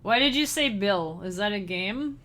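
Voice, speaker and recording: This livestreamer and chiptune musician speaks at a normal pace with a medium-pitched, animated, slightly bright voice. Bubbly and giggly, she chats casually and straight to the viewers in her stream.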